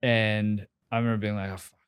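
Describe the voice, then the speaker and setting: A man in his forties, appearing as a podcast guest, tells a story candidly, laughing at himself, swearing freely and restarting sentences amid many fillers. His voice sits on the low side, brisk and flat in delivery. The tone is clean, with no echo.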